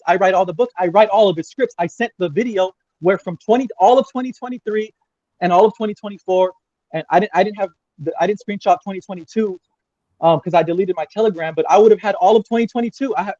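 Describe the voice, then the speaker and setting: High-voiced agitated man, lo-fi stream. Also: mellow, dry recording. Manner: rambling, agitated, profane, repeats himself. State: crying. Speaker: guest. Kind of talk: emotional livestream interview.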